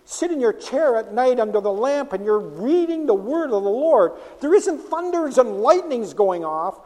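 A man preaching in a large hall, his voice high and swinging widely in pitch. He pushes hard on key phrases, then sinks to near a whisper. Long reverb trails every line. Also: moderate pace, hardly any pauses. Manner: animated, emphatic, drops to a hush on quiet phrases. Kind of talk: sermon.

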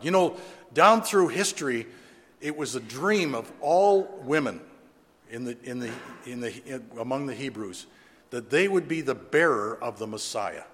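A man's voice: mid-range voice, animated, measured pace, fairly bright tone. A man preaching a sermon, earnestly reading scripture aloud and then explaining it conversationally in a church. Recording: long reverb of a large room.

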